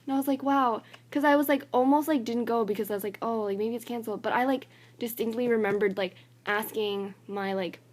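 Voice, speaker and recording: A woman's voice: a little high, a little fast, darkish tone. Rambling young woman venting to her phone. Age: young adult. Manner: rambling, filler-heavy, says "like" constantly; annoyed and exasperated. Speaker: college student vlogger. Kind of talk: casual vlog rant. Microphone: phone camera.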